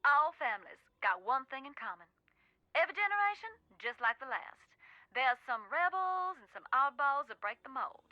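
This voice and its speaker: A woman's voice: high-pitched, sing-song, moderate pace, no echo, muffled recording. A woman voicing a dramatic Southern woman who talks with ghosts in a video game, with a drawling, old-fashioned delivery and a Southern accent. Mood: ominous.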